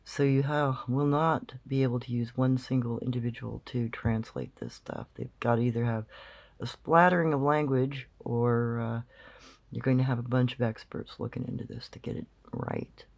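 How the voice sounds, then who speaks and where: A man's voice: mid-range voice, normal speed, vocal fry. A man explaining a recording in casual commentary, rambling and thinking aloud with many fillers. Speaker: channel host.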